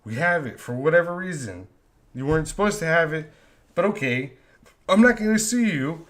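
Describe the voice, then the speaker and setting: A man's voice: high-pitched, lively intonation, moderate pace, a bit bright. A man ranting on a live stream, frustrated and profane, often repeating himself. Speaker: live stream host, vector artist.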